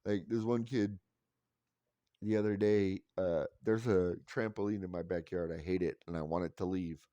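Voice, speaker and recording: A man in his forties rambles through casual stories, swearing freely and mocking himself wryly. His voice sits fairly low, and the recording is close and dry. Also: fairly even intonation, normal speed, mellow, clean tone, no room sound. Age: 40s. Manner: rambling, profane, wry self-mocking. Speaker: vlogger. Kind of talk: casual storytelling monologue.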